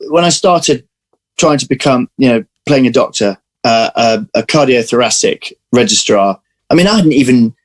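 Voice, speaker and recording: A man being interviewed as an actor, telling lively anecdotes in casual chat over a video call. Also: medium pitch, normal speed, low-quality recording. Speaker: actor guest.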